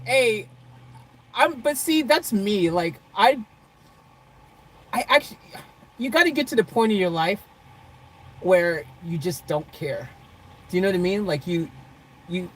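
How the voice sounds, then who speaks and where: A woman whose voice sits on the low side live-streams from her parked car in a low-quality recording with a little hiss or hum. Loose and rambling, she reads the chat, names viewers as she talks, laughs often, and says "freaking" repeatedly.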